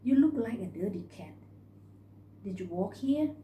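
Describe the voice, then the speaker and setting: A woman's voice: medium pitch, animated, unhurried, mellow, slight background noise, natural voice. A woman voicing a stout middle-aged woman who runs a restaurant kitchen, blunt and motherly. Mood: brisk. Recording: roomy recording.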